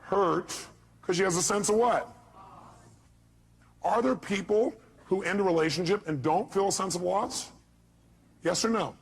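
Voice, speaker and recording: A man's voice: sits high, a little slow, gravelly, pauses often, breathy edge. A man giving a motivational seminar talk, punchy, firing rhetorical questions at a live audience and acting out voices. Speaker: motivational speaker.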